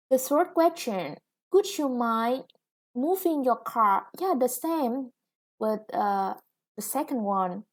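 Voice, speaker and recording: A woman English teacher with a Vietnamese accent, explaining grammar in a recorded lesson, slow and patient with many "yeah" and "okay". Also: sits high, a little mellow.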